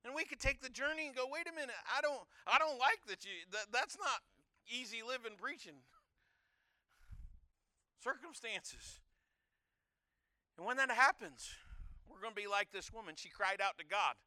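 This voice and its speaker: Man, preacher, emphatic repeated phrases, very bright tense tone, smooth voice. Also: extremely high pitch, expressive, normal speed, pauses often, no echo. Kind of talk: sermon.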